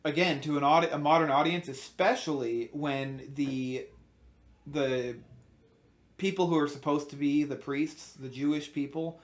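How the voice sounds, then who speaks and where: Man, Bible teacher, informal teaching monologue, earnest, emphatic, fairly high voice. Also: fairly even intonation, measured pace. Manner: earnest, emphatic, with frequent restarts.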